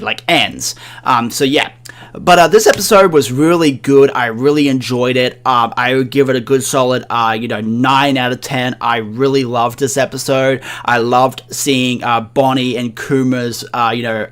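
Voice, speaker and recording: A man's voice: mid-range voice, fairly bright tone. A man hosting an anime review channel who recaps an episode casually, rambling with many fillers. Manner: rambling, heavy on fillers like um and you know.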